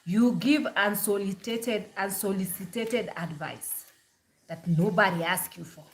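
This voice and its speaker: A woman from Kenya, chatting bluntly and casually to the camera as a vlogger, quick to laugh. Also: medium pitch.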